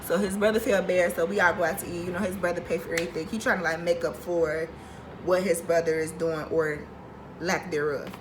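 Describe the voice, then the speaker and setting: A young woman vlogger telling a storytime, animated, profane and venting. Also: fairly low pitch, fairly quick, noisy background. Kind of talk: storytime vlog.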